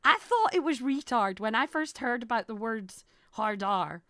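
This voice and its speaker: A woman streamer chats in a playful, giggly way. Her voice is high and bright, and she talks at an unhurried pace. The sound is dry and close to the mic. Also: expressive, dry recording. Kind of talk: casual live-stream chat.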